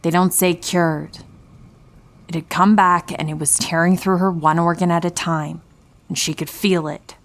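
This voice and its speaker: A man voicing a sinister female spirit trapped in a lifelike doll, speaking in a sarcastic monotone for a horror story. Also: on the high side, unhurried, pitched above the performer's own voice. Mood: cold, mocking.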